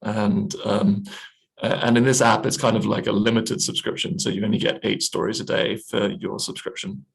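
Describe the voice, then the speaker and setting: A man's voice: on the low side, little pitch movement, normal speed, gravelly, breathy edge, low-quality recording. A man, a newspaper editor, talking in a video call discussion, hesitant with many fillers and restarts.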